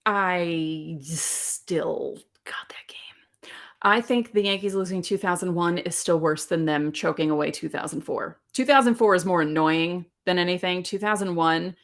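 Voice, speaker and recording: A woman in her forties hosting a podcast alone, telling sports memories in an animated, candid way. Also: lowish voice, brisk, hardly any pauses. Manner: animated, candid storytelling with laughs. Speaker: podcast host. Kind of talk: casual solo podcast talk.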